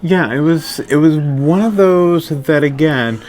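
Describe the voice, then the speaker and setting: A man's voice: fairly high pitch, takes it slowly, a little mellow. A man co-hosting a travel vlog aboard a cruise ship, adding dry, quippy asides. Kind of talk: casual vlog chat.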